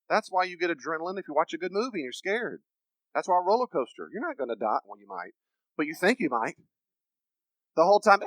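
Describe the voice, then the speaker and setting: A man's voice: medium pitch, big pitch swings, fast, dry recording, rough recording. A man, a counselor and preacher, giving an emphatic teaching lecture and acting out the voices he quotes.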